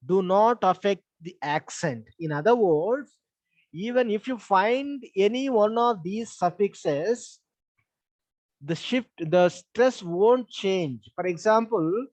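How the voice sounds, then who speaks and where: A man's voice: sits high, animated, slow, a little mellow, no echo. A man with an Indian English accent teaching an online English class, patiently repeating points and spelling words out letter by letter. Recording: dull lo-fi sound.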